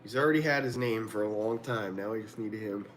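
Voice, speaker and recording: A man's voice: fairly low pitch, a little fast, a little hiss or hum. Rambling, laughing livestream host man. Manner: rambling, profane, laughs often. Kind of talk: casual chat. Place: home room.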